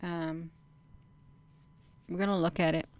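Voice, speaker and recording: Slow, smooth-voiced woman reading aloud. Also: on the low side, level tone, darkish tone. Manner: emphatic, repeats phrases, addresses viewers as "you all". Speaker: channel host reading and commenting on a document. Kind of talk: casual commentary while reading aloud.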